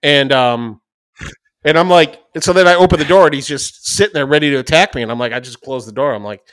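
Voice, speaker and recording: A man co-hosting a podcast, telling a profane, animated anecdote in casual chat. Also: a little high, clear, resonant tone, dry recording. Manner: animated, profane, fast-rambling anecdote with acted-out quotes. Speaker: podcast co-host.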